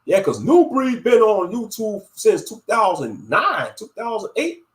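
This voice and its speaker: A high-voiced man rants bluntly into his channel's commentary. He talks heatedly and keeps coming back to catchphrases. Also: very animated, measured pace. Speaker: YouTube commentator. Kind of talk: ranting commentary.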